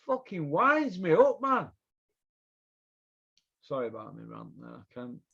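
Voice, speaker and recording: Male host, high voice, foul-mouthed heated rant, dull lo-fi recording. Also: huge pitch swings, takes it slowly, vocal fry, a bit bright, slightly rough. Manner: profane, heated, repetitive ranting. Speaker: podcast host. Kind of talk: angry ranting commentary. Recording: dull lo-fi sound.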